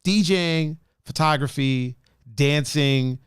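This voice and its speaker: A man hosting a podcast in casual chat, animated and profane, laughing often. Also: a little high, takes it slowly, smooth, dry recording, studio quality. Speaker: podcast host.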